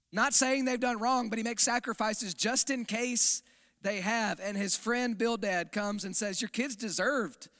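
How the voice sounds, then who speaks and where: A man's voice: extremely high pitch, bright, forceful tone. A man preaching a sermon in a conversational, emphatic way, often checking the audience is following. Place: church sanctuary. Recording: long hall reverb.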